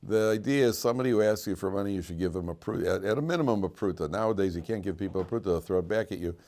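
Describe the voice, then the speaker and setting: A man's voice: low voice, very fast, a little mellow. A man teaching a class as a rabbi, repeating his key lines for emphasis and telling stories. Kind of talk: classroom lecture. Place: classroom with students.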